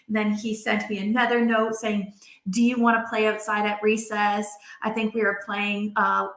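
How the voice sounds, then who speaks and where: A woman in her forties hosting a live video, telling a personal story to viewers in a chatty, animated way. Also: fairly high pitch, echoey room. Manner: chatty, animated, acts out quoted voices.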